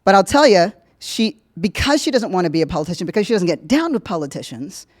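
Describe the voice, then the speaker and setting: A woman hosting a podcast, giving casual political commentary in a jokey, profane way, swinging from loud emphasis to low asides. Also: very animated, fast talker. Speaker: podcast host.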